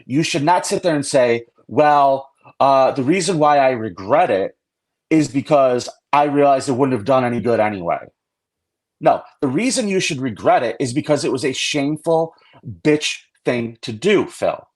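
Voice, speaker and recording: A man's voice: mid-range voice, animated, unhurried. Blunt, indignant man ranting. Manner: blunt, indignant, profane, rambling. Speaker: guest. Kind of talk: heated live-stream talk.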